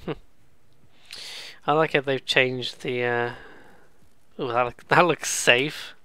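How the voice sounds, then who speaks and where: Sarcastic guy rambling through a let's play, bright voice, smooth and clear. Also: medium pitch, steady tone, takes it slowly, no room sound. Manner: sarcastic, swears freely, rambling. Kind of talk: casual gameplay commentary.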